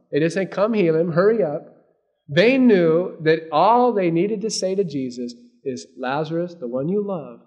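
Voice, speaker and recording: A man preaching a sermon, swinging between loud emphasis and hushed asides. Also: a little high. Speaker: pastor.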